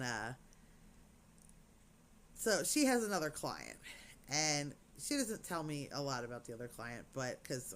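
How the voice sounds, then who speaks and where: A woman's voice: a bass voice, a bit bright, a little hiss or hum. A woman chatting casually to camera as a crafting vlogger, rambling with lots of "you know"s.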